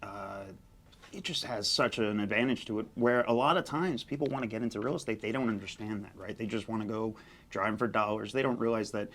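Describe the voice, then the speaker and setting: A man's voice: fairly low pitch, fairly quick, fairly bright tone. A man co-hosting a podcast, talking loosely and casually, checking in with his guest as he goes. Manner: loose, swears, tags questions with "right?".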